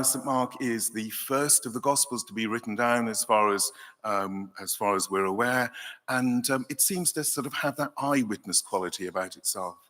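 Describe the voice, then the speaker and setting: A man with a Welsh accent, a cathedral dean, reads a Bible passage and then reflects on it in a thoughtful, measured way. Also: fairly low pitch, bright, forceful tone. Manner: measured reading, then thoughtful talk with fillers. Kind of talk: Bible reading and reflective teaching. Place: large convention hall. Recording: long hall reverb.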